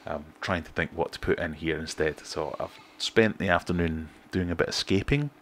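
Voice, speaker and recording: A middle-aged British man hosting a relaxed livestream, chatting and reading out viewer comments in a self-deprecating way. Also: low-pitched, normal speed, slight background noise. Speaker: fishkeeping livestream host. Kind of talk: casual livestream chat.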